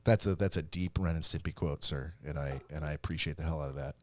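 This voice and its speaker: A man's voice: very deep voice, quick pace, no room sound. A man co-hosting a casual comedy podcast, rambling and joking and laughing often. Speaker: podcast co-host.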